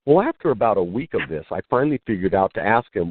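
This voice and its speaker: A man's voice: on the low side, fast, no echo. A man, a guest on a call-in radio show, telling stories and acting out the dialogue in them. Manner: animated storyteller, acts out quoted dialogue. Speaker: interview guest, spiritual teacher. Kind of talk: storytelling in a call-in radio interview. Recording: phone line, dry.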